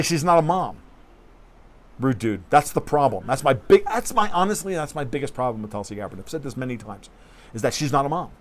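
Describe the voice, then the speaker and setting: A man hosting a casual political livestream, talking bluntly and profanely in a rambling way and reading viewer comments aloud. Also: medium pitch. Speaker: livestream host.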